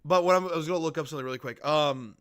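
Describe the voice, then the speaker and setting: A young man giving casual reaction commentary to a video, excitable and swearing. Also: fairly high pitch, racing. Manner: excitable, swearing, breaking into loud outbursts.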